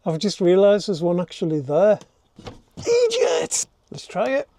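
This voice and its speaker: A man's voice: high voice, a little fast, warm tone. An older man, vlogging casually to a handheld camera as he works inside a camper van, self-mocking and thinking aloud. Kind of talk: casual DIY vlog talk to camera.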